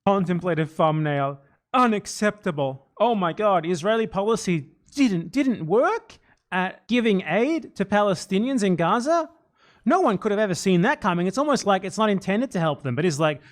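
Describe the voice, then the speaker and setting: A man's voice: fairly high pitch, moderate pace. Sarcastic man streaming political commentary. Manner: sarcastic, argumentative. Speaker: streamer host.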